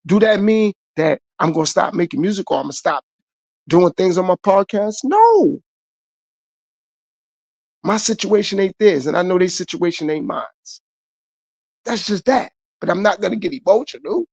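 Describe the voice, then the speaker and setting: Male podcast host, gravelly, fairly high pitch, motivational monologue. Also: a little fast, darkish tone, no echo, highs cut off. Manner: preachy, repetitive, talks straight to viewers.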